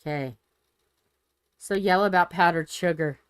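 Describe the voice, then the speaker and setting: A woman's voice: lowish voice, measured pace. A woman chatting casually on a home live stream, rambling and joking and swearing freely.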